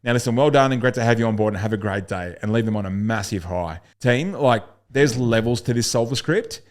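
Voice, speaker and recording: A man's voice: medium pitch, a little fast. A man coaching gym owners on a sales script, blunt and swearing casually as he acts out calls.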